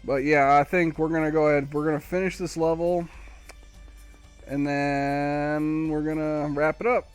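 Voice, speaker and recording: A man's voice: on the high side, level tone, a little slow, smooth, soft background music. A man streaming a video game live, rambling to himself with wry, casual commentary as he plays. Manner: rambling, self-talking, wry.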